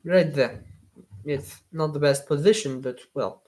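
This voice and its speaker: While building with LEGO, a live streamer chats casually and answers viewer comments in slightly awkward non-native English. The delivery is hesitant, full of fillers, pauses, and restarts, in a mid-range, slightly mellow voice.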